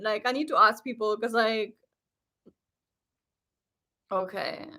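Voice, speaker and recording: A woman hosting a casual live stream, talking in an excitable, gushing way with lots of fillers. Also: fairly high pitch, measured pace, pauses often. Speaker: live stream host reacting to a series. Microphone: webcam setup.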